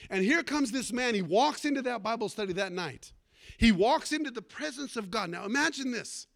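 A man preaching a fervent sermon, calling out for amens and swinging between loud and hushed delivery. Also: very high voice, lively intonation, normal speed, creaky. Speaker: pastor.

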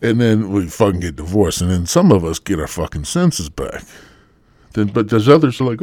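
A man's voice: on the low side, expressive, normal speed, a little mellow, no echo, studio quality. A man in his sixties hosting a podcast, ranting in a crude, sardonic, swearing way. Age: 60s. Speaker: podcast host. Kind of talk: profane comic rant.

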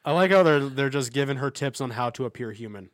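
A man's voice: medium pitch, expressive, fast talker, no echo, studio quality. A man co-hosting a podcast, chatting through a movie commentary, often restarting sentences and laughing as he talks. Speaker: podcast co-host. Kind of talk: casual movie commentary chat.

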